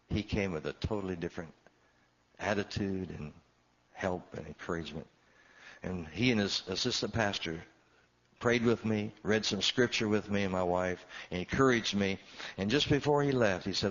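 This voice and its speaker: Deep-voiced pastor telling his story. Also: normal speed, a bit bright, muffled recording. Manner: emotional storytelling, voice swelling and dropping. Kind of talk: sermon testimony.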